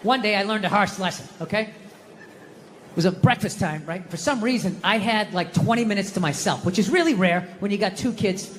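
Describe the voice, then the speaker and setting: A man's voice: high-pitched, normal speed. A middle-aged man doing stand-up comedy, telling exasperated, profane stories and acting out the people in them. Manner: profane, exasperated storytelling with acted-out quotes. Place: live comedy venue. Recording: live reverb hall with faint noise.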